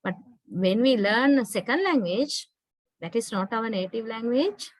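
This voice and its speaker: Sri Lankan woman lecturer, fairly high voice, dry close sound, patient and explanatory, keeps asking "right?". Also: lively intonation, unhurried, no room sound, poor audio. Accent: Sri Lankan English. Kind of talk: online university lecture.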